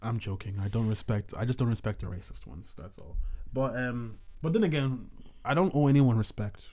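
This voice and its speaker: A man's voice: medium pitch, fairly quick, warm tone. A man hosting a podcast, talking in a rambling, casual way with many restarts. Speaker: podcast host. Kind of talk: casual chat.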